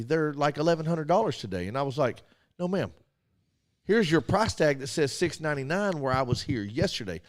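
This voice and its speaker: A man's voice: on the high side, sing-song, fairly quick. A man co-hosting a casual radio talk show, animatedly telling a story and acting out both sides of phone calls. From Arkansas.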